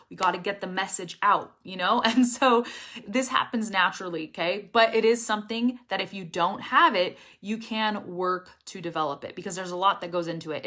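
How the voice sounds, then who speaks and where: Bright, strong-voiced woman teaching English. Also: mid-range voice. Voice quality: strong, well-supported voice. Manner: energetic, emphatic, checks in with frequent "okay?". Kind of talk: casual online lesson.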